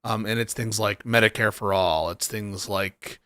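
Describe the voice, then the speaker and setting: A man's voice: on the low side, steady tone, moderate pace, sharp tone, clear, resonant tone, dry recording, studio quality. A man hosting a livestream debate, hesitant and questioning, with occasional casual swearing. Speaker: streamer host.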